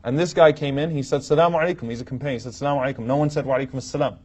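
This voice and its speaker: A man's voice: medium pitch, steady tone, rapid-fire, darkish tone. A man teaching an Islamic lecture from a podium to a live audience, telling stories and acting out quoted lines with humor. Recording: dull, muffled lo-fi recording.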